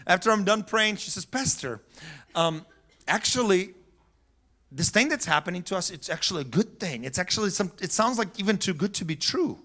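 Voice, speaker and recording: Animated, bright-voiced male pastor preaching. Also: sits high, a little fast. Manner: animated storytelling with laughter and acted-out voices. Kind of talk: sermon. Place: church sanctuary.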